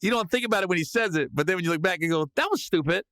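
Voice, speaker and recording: A man hosting a podcast, telling a comedic story in a lively way and breaking into loud yelled reenactments. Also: sits high, very fast, clear, resonant tone, no echo. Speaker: podcast host.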